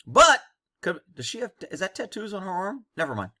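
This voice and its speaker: A man's voice: high-pitched, very animated, a little fast, sharp tone. A man who was a police officer, giving blunt, cynical commentary over bodycam footage.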